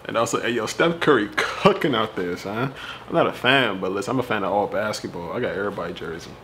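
A man doing a casual tech review vlog, animated and slangy, talking straight to his viewers. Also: lowish voice, quick pace, a little hiss or hum.

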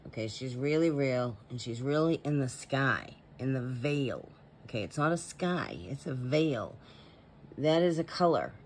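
A man's voice: mid-range voice, expressive, measured pace, slight background noise. A man in a casual vlog voice-over, talking in an earnest, rambling way as a paranormal vlogger.

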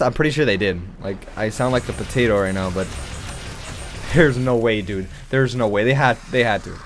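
A young man giving casual gameplay commentary, excitable and swearing, with sudden loud outbursts. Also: fairly low pitch, normal speed, slight background noise. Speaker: gaming channel host.

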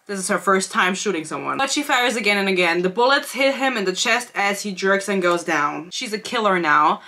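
A woman's voice: medium pitch, animated, brisk, pushed and bright. A woman in her twenties giving a casual, sarcastic book review vlog, laughing and reading excerpts aloud.

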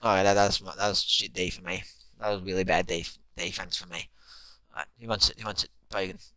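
A young man giving live commentary on his own basketball video game, excitable and swearing constantly as he yells at teammates. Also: sits low, brisk, dry recording. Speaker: gamer.

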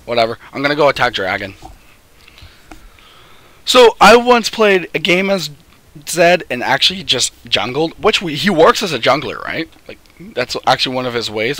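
A young man streams a game from home and talks through every move. His voice is bright and lively and bounces up and down as he heckles the teammates on screen. The commentary is loose and full of swearing. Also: mid-range voice, no echo. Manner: excitable, swearing, laughing, talking to teammates on screen. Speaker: gamer streaming gameplay. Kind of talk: casual gameplay commentary. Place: home, early morning, no camera.

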